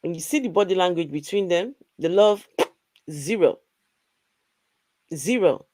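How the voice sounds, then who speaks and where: A woman's voice: on the low side, expressive, unhurried, warm tone, no room sound. Blunt woman hosting a live stream. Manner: blunt, exasperated, talks directly to her co-host. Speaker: host. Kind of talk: casual live-stream commentary.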